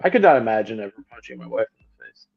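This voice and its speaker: Lively joking man, lo-fi sound. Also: medium pitch, racing, vocal fry, husky, soft background music. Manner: joking storyteller, crude banter. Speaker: podcast co-host. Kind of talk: casual movie-review chat.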